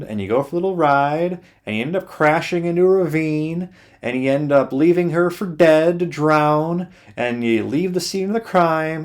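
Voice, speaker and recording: A young man delivers a blunt, sarcastic rant to camera, swearing freely. His voice sits in an ordinary middle pitch. He speaks loosely, with fillers and restarts. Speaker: YouTuber. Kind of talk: sarcastic ranting monologue.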